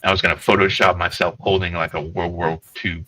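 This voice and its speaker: A man's voice: low voice, brisk, low-quality recording. A man co-hosting a livestream, telling rambling, profane stories in casual chat. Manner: rambling, profane, animated storytelling. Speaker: co-host.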